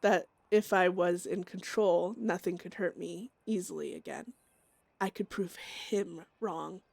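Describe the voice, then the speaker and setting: A haunted young outlaw woman, voiced by a woman, murmurs her journal in a brooding inner monologue. The voice sits low and the sound is dry and close, and she sinks into whispers. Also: fairly even intonation, unhurried, gravelly, darkish tone, slightly rough, no room sound, heavily acted. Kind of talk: reading a character's journal aloud.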